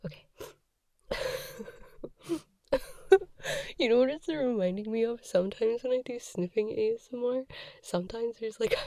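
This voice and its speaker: A woman's voice: medium pitch, creaky, dark tone, dry recording. Sick, giggly woman whispering ASMR. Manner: giggly, rambling, often whispering. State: sick with a runny nose. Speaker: ASMR creator.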